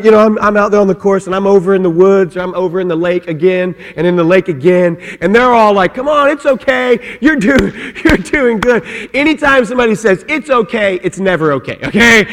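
A middle-aged man, a pastor, telling a personal story in an animated sermon in church. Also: sits high. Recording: long hall reverb.

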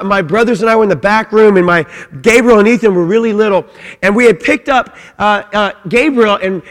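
A middle-aged pastor preaches a sermon emphatically and repetitively, frequently saying "man." His voice sits high with a fairly bright tone, and the long reverb of a large hall surrounds him.

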